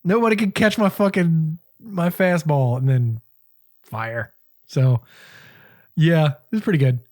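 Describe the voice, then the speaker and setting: A man's voice: a little high, unhurried. A man co-hosting a cooking school podcast, telling a story in casual chat, swearing freely and acting out what he said at the time. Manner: profane, animated storytelling, quoting himself.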